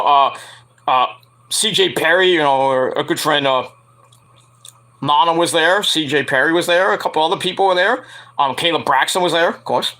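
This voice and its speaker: A man's voice: fairly high pitch, sharp tone. A man hosting a casual wrestling news show, rambling and profane, laughing at his own jokes. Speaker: podcast host.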